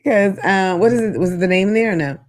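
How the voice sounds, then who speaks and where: A woman's voice: mid-range voice, brisk, a little mellow. A woman hosting a call-in talk show, talking frankly and sassily, laughing at her own jokes. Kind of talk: live call-in show monologue.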